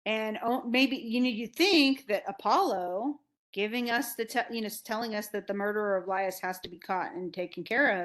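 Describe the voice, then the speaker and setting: A woman's voice: medium pitch, normal speed, fairly bright tone. A woman lecturing on a classic play, casually retelling scenes and acting out the characters' lines in everyday words. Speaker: literature instructor.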